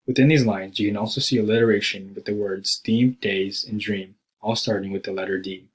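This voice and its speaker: A man reading a school presentation aloud from a script, slowing down when he quotes the poem. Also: on the low side, steady tone, husky, low-quality recording. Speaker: student presenter.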